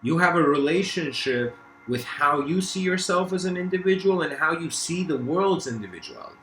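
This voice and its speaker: A man's voice: a little high, lively intonation, normal speed, a bit bright, reverberant, soft background music, low-quality recording. A man giving a casual philosophical lecture, telling a story loosely with many fillers.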